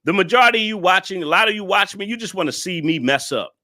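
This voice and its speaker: Ranting bright-voiced male reaction host. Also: high-pitched, lively intonation, fast. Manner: blunt, ranting, profane, scolding viewers. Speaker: male content creator reacting to a video. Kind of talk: casual reaction commentary.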